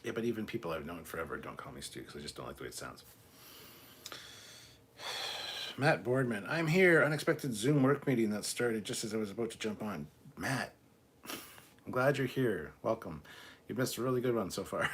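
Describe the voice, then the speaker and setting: A man's voice: lowish voice, expressive, fairly quick, long pauses, fairly bright tone, husky. A man hosting a casual live stream, reading viewer comments aloud and answering offhand, sometimes swearing. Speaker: livestream host reading chat.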